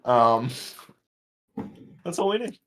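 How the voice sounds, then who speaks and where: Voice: medium pitch, very animated, slow, slight background noise. A player in a tabletop game, teasing the others with dry sarcasm. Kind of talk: casual tabletop banter.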